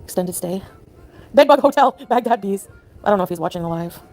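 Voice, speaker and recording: A woman's voice: medium pitch, animated, a little fast, a little mellow. A woman talking in a casual live chat, upset and rambling with lots of "like"s. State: distressed. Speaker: livestreamer.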